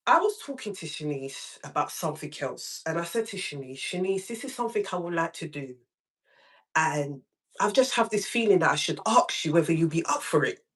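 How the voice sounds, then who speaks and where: Animated woman hosting a live stream. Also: fairly quick, slightly rough. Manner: animated storytelling, acts out quotes with big pitch jumps. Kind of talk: casual live-stream chat.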